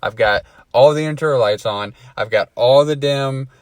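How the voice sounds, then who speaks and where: A man's voice: medium pitch, moderate pace, clean tone, no echo. A man telling a story to a friend in a casual chat, swearing freely and laughing at himself. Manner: swears a lot, laughs at his own story.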